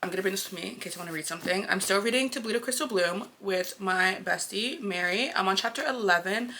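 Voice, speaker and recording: A young woman talks fast and casually about books she is reading, gushing and poking fun at herself. Her voice is bright with a gravelly fry at the ends of phrases. Faint room noise sits behind her. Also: medium pitch. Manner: chatty, gushing, self-mocking. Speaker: book vlogger. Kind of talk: casual vlog chat.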